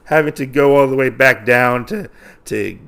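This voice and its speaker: A man's voice: mid-range voice, moderate pace, vocal fry, a bit bright. A man voicing a young, earnest male rabbit samurai in a loose, casual paraphrase.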